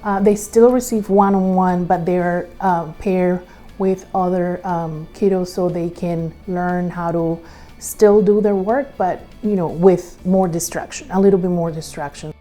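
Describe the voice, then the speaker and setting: Hesitant woman owner with a mellow voice. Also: on the low side, steady tone, faint music behind. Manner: halting, searching for words, emotional. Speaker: clinic owner and parent. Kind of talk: interview.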